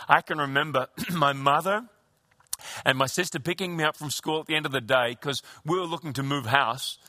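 A man's voice: on the high side, fairly quick, pushed and bright, no echo, clean studio sound. A man preaching a sermon in a conversational way, often restarting his phrases. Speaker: pastor.

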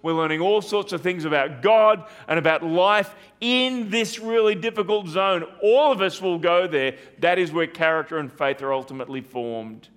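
High-voiced man preaching. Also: moderate pace, hardly any pauses, fairly bright tone, clean tone. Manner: earnest, repetitive preaching with rhetorical questions. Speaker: pastor. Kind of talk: sermon.

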